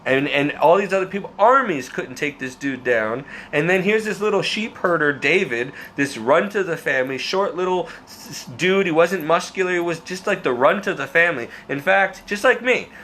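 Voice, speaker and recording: A man with a somewhat high voice shares a personal faith testimony on his vlog, earnest and emotional. He rambles, repeats words and restarts sentences as he goes. A faint hiss sits under his voice. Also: expressive, moderate pace, hardly any pauses, pushed and bright. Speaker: vlogger.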